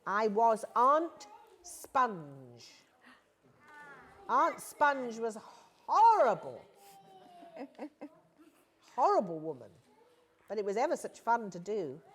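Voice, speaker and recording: A woman actress visits a school and chats with the children in a playful, teasing way. Her voice sits high and swoops widely, and she speaks slowly. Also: big pitch swings, a bit bright, husky. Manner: playful, self-mocking, teasing. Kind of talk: casual chat with schoolchildren.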